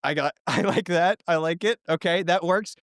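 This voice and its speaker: Higher-voiced man running a story podcast. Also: normal speed, a bit bright, no echo, clean studio sound. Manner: thinking aloud, with frequent ums and restarts. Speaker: game master and podcast host. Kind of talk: casual story-planning chat.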